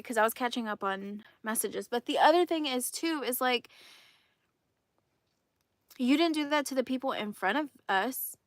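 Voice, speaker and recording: Woman, thirties, fairly high voice; relaxed chatty host answering comments, laughs often, dry room. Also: dry recording. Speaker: crochet channel host. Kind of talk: casual livestream chat, answering comments.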